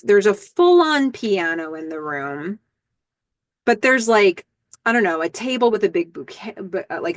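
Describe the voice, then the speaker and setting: A woman hosting a podcast, casually recapping a TV episode scene by scene with lots of fillers and excited asides. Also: medium pitch, dry recording, clean studio sound. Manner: chatty, lots of fillers and "I don't know", excited outbursts.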